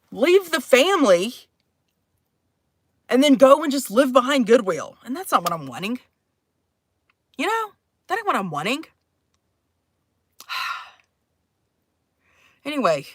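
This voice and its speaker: A woman's voice: high-pitched, fairly bright tone. A woman in her thirties from Texas, with mixed, shifting accents, chatting casually and profanely on a livestream, rambling and sighing often. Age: 30s.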